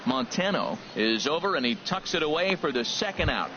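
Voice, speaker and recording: A man calls baseball play by play in a brisk, crisp voice pitched a little high. The sound is muffled, with steady background noise behind him. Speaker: play-by-play announcer. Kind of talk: video game baseball play-by-play.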